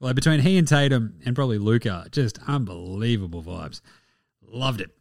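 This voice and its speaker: A man's voice: mid-range voice, lively intonation, moderate pace, vocal fry, darkish tone, no echo, clean studio sound. A man with an Australian accent hosting a casual sports podcast, swearing and joking between sports scores. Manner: profane and jokey. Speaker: podcast host.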